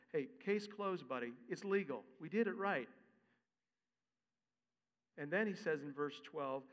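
A man preaching a sermon as a pastor, with an expressive, conversational delivery. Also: on the high side, a little slow, pauses often, big-room sound.

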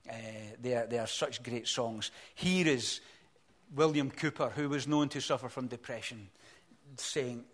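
Earnest older man preaching. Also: medium pitch. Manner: earnest, builds to emphatic peaks, then drops soft and slow. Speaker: pastor. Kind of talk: sermon.

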